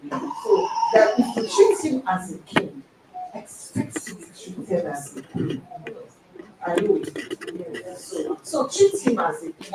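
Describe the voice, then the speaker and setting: A woman leading a women's group, teaching in a lively way, often acting out dialogue and laughing loudly. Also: medium pitch. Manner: animated storytelling, acts out dialogue, laughs loudly. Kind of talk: live-streamed teaching talk. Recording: echoey, distant, noisy live stream.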